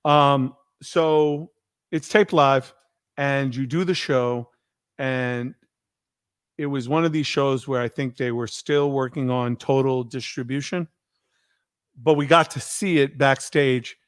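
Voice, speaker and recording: A man hosting a podcast, telling a story in an animated way and acting out the people he quotes. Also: mid-range voice, takes it slowly, clean tone, no echo, clean studio sound. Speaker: podcast host. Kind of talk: casual storytelling chat.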